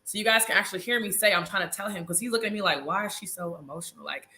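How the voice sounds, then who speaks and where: A woman in her thirties, bright and forceful in tone, recounting a story with lots of drama and casual asides to her viewers. She talks on a video call with an easy, chatty flow. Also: mid-range voice, rapid-fire. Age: 30s. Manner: animated, dramatic, addresses audience as y'all. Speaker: reality show cast member, guest; nurse.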